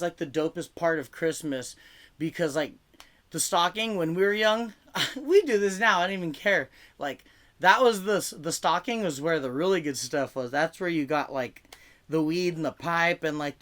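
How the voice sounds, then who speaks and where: A man's voice: fairly high pitch, moderate pace, fairly bright tone. A man doing a rambling, casual stand-up comedy set over a video call, full of "like" fillers and restarts. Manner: rambling, conversational, heavy on fillers like "like". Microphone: video call mic.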